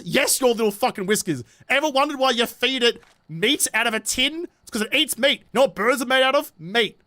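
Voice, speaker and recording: A man's voice: very high voice, expressive, a little fast, few pauses, pushed and bright. A man with a New Zealand accent, streaming a game and chatting casually, swearing often and ranting passionately. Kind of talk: casual livestream chat while gaming.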